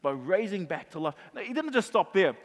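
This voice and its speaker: A male pastor preaching a sermon, animated, acting out the voices of Bible figures. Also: sits high, brisk. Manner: animated, acts out voices of crowd and Jesus. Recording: long reverb of a large hall.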